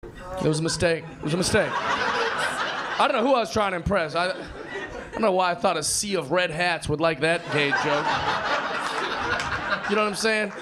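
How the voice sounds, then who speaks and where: A man doing a stand-up set, telling a story in an animated way and acting out the voices of people in it. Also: high-pitched, normal speed, long pauses, a loud crowd. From United States. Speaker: stand-up comedian. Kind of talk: stand-up set played from a clip.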